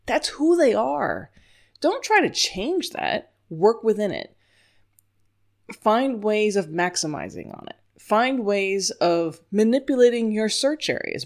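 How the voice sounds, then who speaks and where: Woman, from New York, dog trainer, informal teaching talk, chatty, emphatic, laughs often. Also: on the high side. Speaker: scent work dog trainer.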